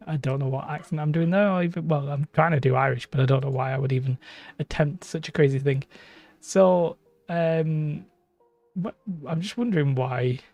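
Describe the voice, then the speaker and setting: Young guy rambling on a live stream, voice a bit on the high side, soft music playing underneath. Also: dry recording. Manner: rambling, chatty, self-interrupting. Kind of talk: casual live-stream chat. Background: faint background music.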